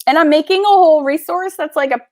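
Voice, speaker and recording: A woman's voice: high voice, fast, darkish tone. A woman hosting a casual livestream, unboxing art books and gushing with gasps and laughs. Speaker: art school host.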